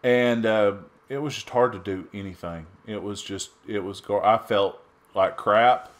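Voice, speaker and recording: A middle-aged man from Texas giving casual, rambling commentary over his gameplay, chatty with sudden loud outbursts. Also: fairly low pitch, measured pace. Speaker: gaming YouTuber.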